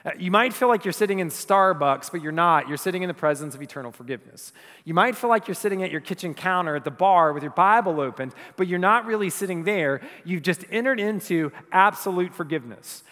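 A male pastor preaching a sermon, moving between loud emphatic passages and soft, hushed ones. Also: high voice, lively intonation, brisk, big-room sound. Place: church.

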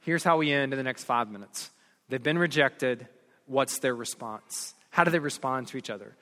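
A pastor in his forties preaching a sermon, telling stories with rising energy and dropping to soft, earnest tones. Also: medium pitch, moderate pace. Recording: long hall reverb.

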